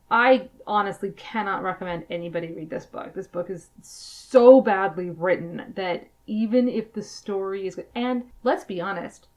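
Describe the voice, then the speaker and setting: A woman co-hosting a podcast in casual chat, emphatic and quick to laugh. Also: medium pitch. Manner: chatty, laughs often, emphatic. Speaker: podcast co-host.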